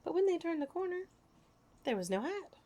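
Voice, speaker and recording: A woman reading children's stories and rhymes aloud, expressive and animated. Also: very high-pitched, a little fast. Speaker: storyteller. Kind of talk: children's storybook read-aloud.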